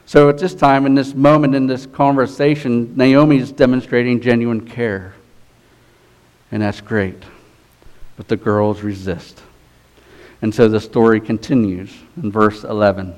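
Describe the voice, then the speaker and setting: A man's voice: medium pitch, steady tone, normal speed, clean tone. A man preaching a sermon, reading scripture and retelling it in casual everyday speech. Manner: paraphrases scripture in everyday voices, conversational.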